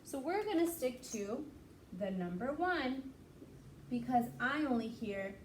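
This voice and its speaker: A woman teaching young children, slowly stretching out words and encouraging them to repeat. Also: high-pitched, very animated, a little hiss or hum. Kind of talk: classroom lesson for young children.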